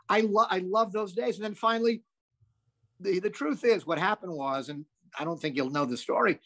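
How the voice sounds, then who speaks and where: Older man telling rambling profane stories. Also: high voice. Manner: animated, profane, rambling with asides. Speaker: comedian guest. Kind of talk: anecdotal storytelling.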